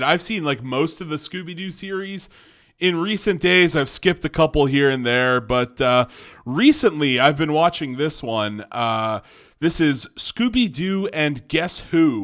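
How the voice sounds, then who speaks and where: A man's voice: fairly high pitch, fairly bright tone. A young man in casual reaction commentary, rambling, correcting himself and laughing often. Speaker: YouTube commentator.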